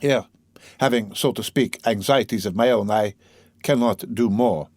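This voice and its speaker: A man reading the part of a pompous, calculating middle-aged gentleman in a measured, self-important way. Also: on the low side, slightly rough, no room sound, clean studio sound.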